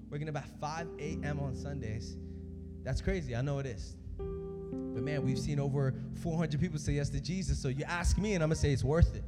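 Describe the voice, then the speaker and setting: A young man preaching at a church service, telling stories in an energetic, conversational way. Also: medium pitch. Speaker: youth preacher. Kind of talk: sermon. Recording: echoey hall with music behind.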